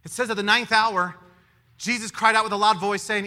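Guy preaching a sermon, high voice, lots of do-you-know questions, animated. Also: fast talker. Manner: animated, asks the audience many rhetorical questions.

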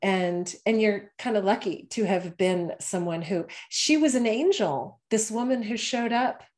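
A woman's voice: mid-range voice, expressive, a little slow, a little mellow. A woman hosting an interview, reflecting aloud and searching for words. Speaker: podcast host.

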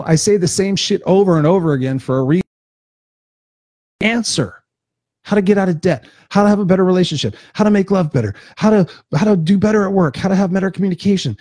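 A man's voice: high-pitched, brisk, warm tone, husky, no room sound, studio quality. A man giving an unscripted motivational talk as host of his own live stream, passionate and swearing freely, repeating points for emphasis.

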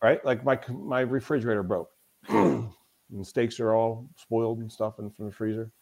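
A man's voice: mid-range voice, normal speed, gravelly, darkish tone. A man speaking as a guest in a conversational podcast interview. He talks as a mental toughness coach, telling stories with emphasis and often repeating himself.

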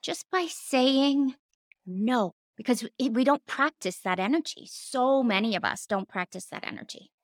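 A woman's voice: high voice, animated, normal speed, few pauses, dry recording. A woman coach and former therapist giving a casual teaching talk, earnest, with emphatic repetitions and casual slang.

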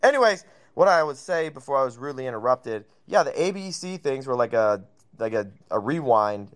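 A man's voice: mid-range voice, very animated, fairly quick. A man talking as a guest in casual chat, brash and heavy on swearing. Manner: brash, profane, swaggering.

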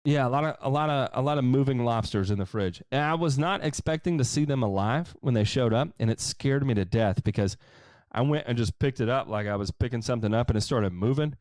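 A man's voice: mid-range voice, a little fast, darkish tone, dry recording, studio quality. A man hosting a lawn care livestream, casually reading and answering viewer comments with jokes. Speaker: lawn care show host.

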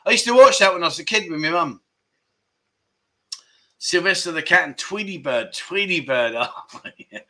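On a casual livestream chat show set in Pattaya, a man in his 50s reads viewer comments and rambles, chatty and full of fillers and self-corrections. His high voice is pushed and bright with lively intonation, moving at normal speed but broken by long pauses.

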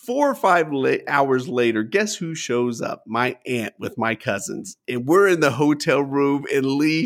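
Animated storytelling man, lively pitch. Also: measured pace. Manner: animated, acts out quotes with lively pitch jumps. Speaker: guest storyteller. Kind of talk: casual storytelling chat.

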